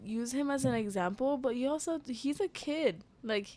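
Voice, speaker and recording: A woman co-hosting a podcast, chatting casually and reacting with laughs and quick interjections. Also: high-pitched, expressive, darkish tone. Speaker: podcast co-host. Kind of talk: casual chat.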